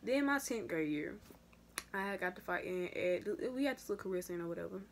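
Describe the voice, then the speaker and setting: A young woman vlogger telling a casual story to her viewers, slangy and animated, with big jumps in pitch and loudness. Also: a little fast, creaky, a little hiss or hum. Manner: addresses viewers as y'all. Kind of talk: casual story time vlog.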